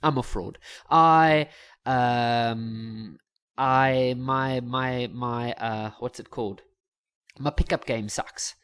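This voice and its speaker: A man's voice: medium pitch, fairly even intonation, extremely slow, fairly bright tone, clean tone. A man teaching a science lesson in a casual, joking and self-mocking way, chatty and full of restarts.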